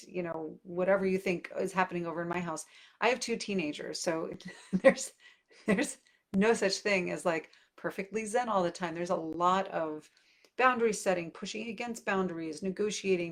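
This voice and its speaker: A woman in her forties, a parenting coach, talking candidly and conversationally to her viewers, with many fillers. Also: fairly low pitch. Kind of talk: casual direct-to-camera talk.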